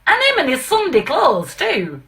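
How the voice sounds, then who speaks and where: A woman voicing a blunt middle-aged northern father in a put-on northern English accent, speaking slowly and plainly. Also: sits high, huge pitch swings, a bit bright, voice pushed up, heavily acted. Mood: indignant.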